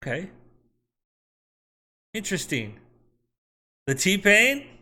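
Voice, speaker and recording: A software developer streaming his coding work, talking to his chat and to himself as he works. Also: high voice, big pitch swings, very slow. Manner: talks to chat and himself while working. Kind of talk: live coding stream, thinking aloud.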